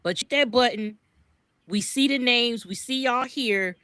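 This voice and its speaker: A woman from the US East Coast delivers fervent podcast commentary. Her voice is bright and sharp, pitched a little high, and she stumbles over repeated words as her feelings build. The sound is close and dry. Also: normal speed, no room sound. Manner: fervent, repeats words when worked up, swears freely. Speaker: podcast co-host. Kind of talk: impassioned commentary.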